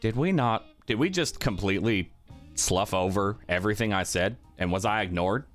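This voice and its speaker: A man playing a tabletop role-playing game in character, exasperated and ranting, swinging between low grumbles and loud outbursts. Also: normal speed, faint music behind. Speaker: tabletop player.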